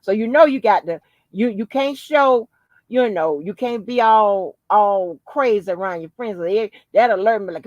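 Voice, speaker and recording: Profane, animated woman telling a story. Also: mid-range voice, moderate pace, dry recording, muffled recording. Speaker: podcast host. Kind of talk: casual storytelling chat.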